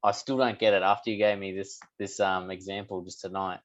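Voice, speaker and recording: A man asking a coach a question, hesitant and halting, over a dull, lo-fi call line. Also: deep voice, flat delivery. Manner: hesitant, with many fillers.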